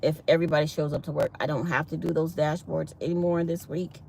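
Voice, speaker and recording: A middle-aged woman vlogging a casual morning chat from her truck, telling stories in an animated, chatty way. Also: low voice, quick pace, creaky, a little hiss or hum.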